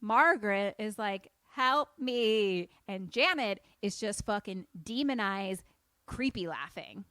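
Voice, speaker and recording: A woman's voice: mid-range voice, unhurried, no room sound. A woman co-hosting a podcast, animatedly retelling a horror movie in casual chat, full of "like" fillers. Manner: animated storyteller, frequent "like" fillers. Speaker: podcast co-host.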